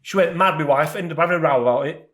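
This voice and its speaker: A man's voice: fairly high pitch, fast, fairly bright tone. A middle-aged man co-hosting a podcast in casual chat, telling stories with lots of animation and acting out the voices of other people and animals. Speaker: podcast co-host.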